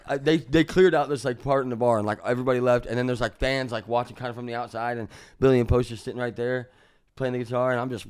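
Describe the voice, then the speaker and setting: A man from Missouri, a musician guest on a podcast, telling a story in a casual, profane way. He jumps into loud re-enactments of what was said. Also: mid-range voice, steady tone, fast, clear, resonant tone, no echo, clean studio sound. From Missouri, USA.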